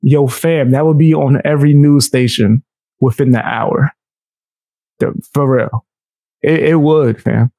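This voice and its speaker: A man's voice: mid-range voice, fairly even intonation, measured pace, pauses often, dark tone, no room sound, studio quality. Slangy laid-back male streamer. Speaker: streamer reacting to clips. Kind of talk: casual reaction stream chat.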